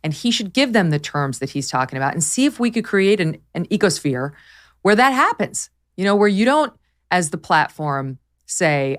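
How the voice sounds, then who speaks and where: Woman podcast host, low-pitched, emphatic and animated, opinionated casual chat on a studio mic. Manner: emphatic, quick, animated with laughs.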